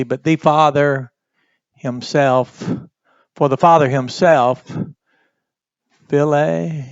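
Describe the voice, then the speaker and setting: Guy teaching bible greek online, slow and deliberate, lots of uh pauses, dry kinda dull lo-fi sound. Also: medium pitch, dry recording. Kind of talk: recorded online lesson.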